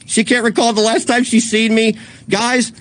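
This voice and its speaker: A man ranting angrily on a livestream, swearing and swinging between raised outbursts and low muttering. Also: level tone, moderate pace. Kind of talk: angry livestream rant.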